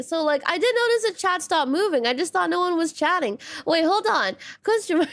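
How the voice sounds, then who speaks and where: Brief: young woman streamer, high and animated, quick laughs, chatty with chat. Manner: excitable, laughing, rambling, greeting chat. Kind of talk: live game stream chat.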